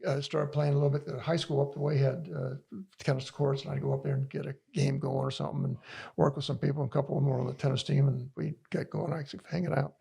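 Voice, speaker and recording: A man's voice: medium pitch, flat delivery, quick pace, gravelly, warm tone, husky. An older man as a podcast guest, telling a long, rambling story in casual conversation, full of restarts and laughs.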